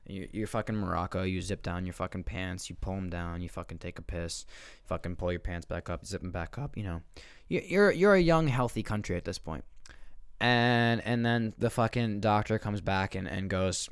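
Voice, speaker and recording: Deep gravelly young man ranting profanely. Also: fairly quick, no echo, studio quality. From northeastern United States. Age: 20s. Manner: profane, rambling, with heavy swearing. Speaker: podcast host. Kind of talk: casual solo rant.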